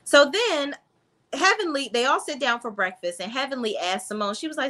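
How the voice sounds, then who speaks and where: A woman's voice: high-pitched, expressive, moderate pace, a bit bright, slight background noise. A woman reviewing a reality TV episode in a blunt, sassy, casual recap style, talking straight to her viewers.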